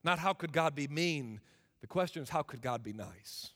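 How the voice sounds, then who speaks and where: A man preaching a sermon as a guest preacher, impassioned and swinging from loud declarations to hushed, intimate asides. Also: on the high side, lively intonation, moderate pace. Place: church sanctuary. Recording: reverberant church hall.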